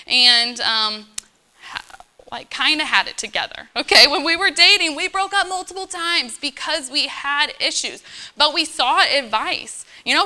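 A woman in her thirties preaches casually to young believers in a fairly high, very bright, sharp voice. She is earnest and chatty, full of fillers, and keeps checking in with her listeners. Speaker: church speaker. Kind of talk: informal sermon to young believers.

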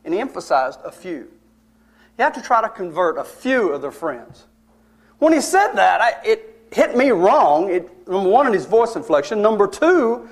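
A man with a fairly high voice delivers a storytelling sermon. He talks in a conversational way, leans hard on key words and drops wry asides to his listeners. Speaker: preacher.

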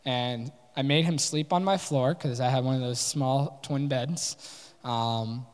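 A young man speaking at a workshop, telling a candid personal story to an audience with lively quoted dialogue. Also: mid-range voice, slow, smooth. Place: large conference hall. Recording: live talk with long hall reverb.

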